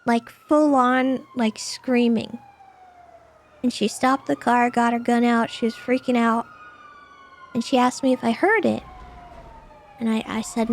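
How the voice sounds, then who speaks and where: A woman in her thirties in a roleplay game, telling what happened in a hesitant, halting way. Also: fairly high pitch, little pitch movement, a little hiss or hum. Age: 30s. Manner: hesitant, repeats words while telling. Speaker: streamer and roleplay player. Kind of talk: in-character recounting in a game.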